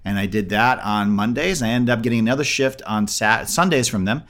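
A man's voice: on the low side, fairly quick. A middle-aged man, a comedy magician, telling a story in a casual interview and acting out the people he quotes. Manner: animated, acts out the people he quotes.

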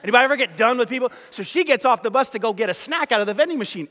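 High, bright-voiced pastor telling a story in a big hall. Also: male voice, racing. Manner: animated, self-mocking storyteller acting out dialogue. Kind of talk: sermon storytelling.

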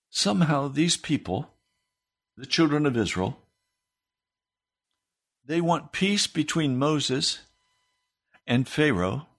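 Gravelly slow-preaching male pastor. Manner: preaching with wide swings in pitch, rising to emphatic high questions. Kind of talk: sermon.

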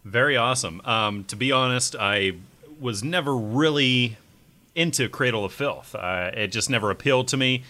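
A man's voice: mid-range voice, moderate pace, bright, forceful tone. A man hosting a podcast, talking in a rambling casual way with many fillers. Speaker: podcast host. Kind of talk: casual chat.

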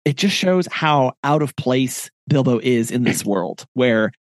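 A man's voice: mid-range voice, lively intonation, unhurried, dry recording, studio quality. A man co-hosting a podcast, discussing a book in a thoughtful, reflective way and reading passages aloud before commenting on them. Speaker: podcast co-host.

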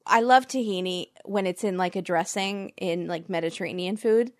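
A woman's voice: lowish voice, moderate pace, darkish tone, no echo. A woman co-hosting a casual recap chat, dropping wry asides. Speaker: co-host.

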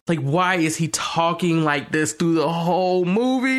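A man's voice: a little high, lively intonation, measured pace, few pauses. Profane ranting male podcast host. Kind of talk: casual chat.

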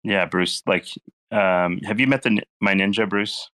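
A man's voice: lowish voice, moderate pace, fairly bright tone. A man in offhand, joking casual chat on a group voice call.

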